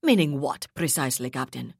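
A woman's voice: very deep voice, animated, a little fast, gravelly, slightly rough, no room sound, clean studio sound, heavily acted. A woman voicing an arrogant, scheming male colonial governor who speaks coldly and condescendingly. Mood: indignant. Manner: cold, inflexible, condescending.

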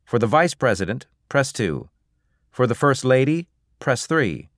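A man reading an audiobook, voicing an automated phone menu in a quick, clipped recital. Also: mid-range voice, very animated, a bit bright, no echo, clean studio sound, voice pushed up. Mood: brisk.

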